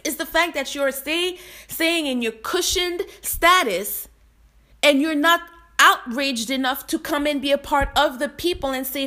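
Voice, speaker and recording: Heated outspoken woman, slightly high voice. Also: normal speed, pushed and bright. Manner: heated, blunt, swears freely. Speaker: commentator. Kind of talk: impassioned personal commentary.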